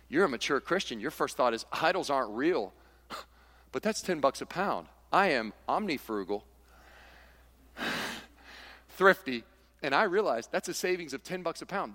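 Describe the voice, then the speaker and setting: Animated male preacher in a reverberant hall. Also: a little high. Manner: animated, acts out voices of church members. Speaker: pastor. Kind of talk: sermon.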